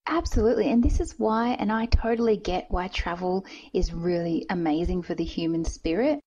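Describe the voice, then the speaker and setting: A woman's voice: fairly low pitch, moderate pace, warm tone, breathy edge. A woman podcast host in casual interview chat, earnest and thinking aloud. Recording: dull lo-fi recording.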